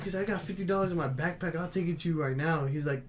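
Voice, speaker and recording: A young man co-hosting a podcast, telling profane, animated restaurant stories and acting out what people said. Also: on the high side, racing, background noise. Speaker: podcast co-host. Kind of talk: casual chat, storytelling.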